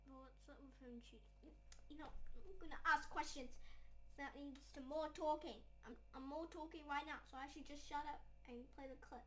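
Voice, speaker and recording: A woman's voice: high voice, steady tone, a little fast, sharp tone, slight background noise. A woman hosting a reaction video, talking in an earnest, emotional and rambling way. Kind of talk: casual reaction commentary.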